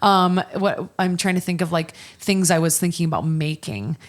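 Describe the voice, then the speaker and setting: A woman's voice: lowish voice, normal speed. A woman hosting a podcast, chatting casually and candidly, swearing freely and speaking with animation, with a touch of hiccups. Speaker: podcast host. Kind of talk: casual chat.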